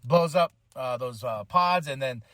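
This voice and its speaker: A man's voice: medium pitch, measured pace, a bit bright, no echo. Slangy man rambling through a movie recap. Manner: slangy, rambling retelling with many fillers. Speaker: podcast host. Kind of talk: casual movie review recap.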